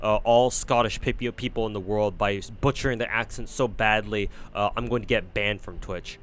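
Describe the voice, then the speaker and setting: A man's voice: lowish voice, steady tone, moderate pace, a bit bright, a little hiss or hum. A man streaming a game reading, talking casually in a rambling, self-deprecating way with swearing and frequent restarts. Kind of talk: casual live-stream commentary.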